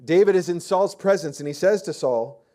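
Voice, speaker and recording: A man's voice: high-pitched, moderate pace, dark tone. A man preaching a sermon as pastor, telling the story in a casual, chatty way with lots of fillers and restarts. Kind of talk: conversational sermon.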